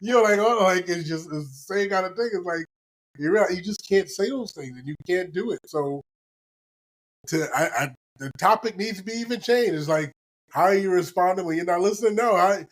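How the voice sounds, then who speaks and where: A man's voice: high-pitched, brisk, rough recording. A man co-hosting a couples podcast, talking casually and making his point with repetition. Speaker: podcast co-host.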